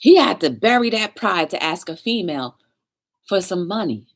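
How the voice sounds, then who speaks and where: A woman's voice: lowish voice, moderate pace. A woman hosting a talk show, telling a story in a casual livestream chat and talking straight to her viewers. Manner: chatty, animated, talks straight to viewers.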